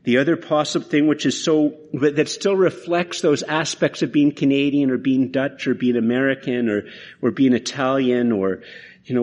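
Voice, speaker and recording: A man preaching a sermon in an earnest, conversational way, often restarting his phrases. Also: mid-range voice. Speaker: pastor.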